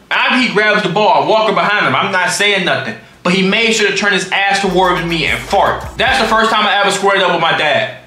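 A young man on a livestream tells a story in an animated way, swearing freely and using lots of slang. His voice sits high and sounds bright. The room has a noticeable echo, with faint noise underneath. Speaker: streamer.

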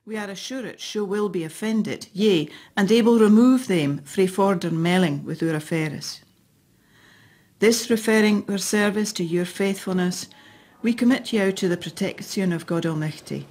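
A woman plays a regal queen dictating a formal letter in old Scots, her accent mixing Scottish and French sounds. The voice is husky and breathy, pitched in an ordinary middle range. It is a dramatic reading of a historic document. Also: moderate pace, darkish tone, lightly acted. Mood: stately, formal. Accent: Scots with a French lilt. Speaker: voice actor.

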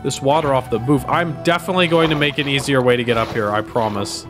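A man's voice: medium pitch, quick pace. A young man streaming a video game, chatting casually and goofing around as he plays, with music playing behind him. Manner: goofy, playful, talks to the game and chat. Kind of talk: casual gameplay commentary.

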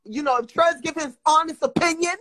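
A woman's voice: sits high, a little fast, fairly bright tone, low-quality recording. A woman with a Brooklyn New York accent, bluntly and profanely lecturing someone during a heated livestream rant.

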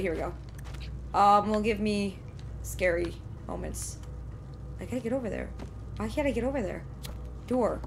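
A young woman streaming a horror game live, excitably reacting out loud and talking to the game and her chat from a desk mic at home. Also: mid-range voice, a little hiss or hum. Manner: excitable, exclaims and talks to the game. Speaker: gameplay streamer. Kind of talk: live let's play commentary.

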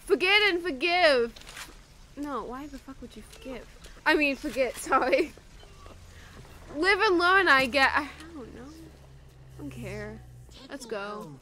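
A woman streaming a video game, reacting excitably with frequent swearing, yelps and laughter. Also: high voice, takes it slowly, pauses often. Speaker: gaming streamer. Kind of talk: let's play commentary.

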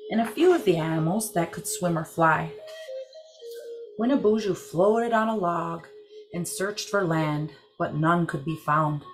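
A woman narrates a traditional creation story in a measured, deliberate way. Her voice sits somewhat low. Faint music plays softly beneath her. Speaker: program director telling a legend.

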